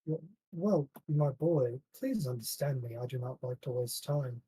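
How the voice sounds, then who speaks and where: A man's voice: mid-range voice, measured pace, dark tone, breathy edge, low-quality recording. A man narrating as game master, voicing the townsfolk with "he says" and "she says" before each line. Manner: plays the merchant and innkeeper voices with "he says".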